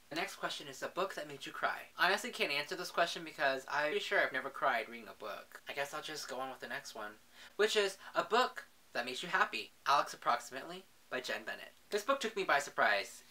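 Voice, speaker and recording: A man's voice: medium pitch, pushed and bright. A young man in a casual book vlog, talking in a chatty, gushing way and often saying "literally". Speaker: book vlogger.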